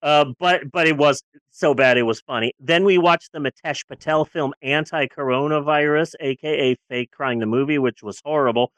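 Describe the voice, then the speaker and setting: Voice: moderate pace, few pauses, dry recording. Sarcastic, profane podcast co-host. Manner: sarcastic, profane, swings between loud outbursts and low grumbles. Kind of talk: casual movie-review chat.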